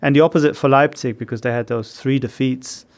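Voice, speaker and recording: A man gives measured football analysis on a podcast. His voice has a gravelly edge and an ordinary middle pitch. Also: steady tone, darkish tone. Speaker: football pundit. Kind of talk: casual chat.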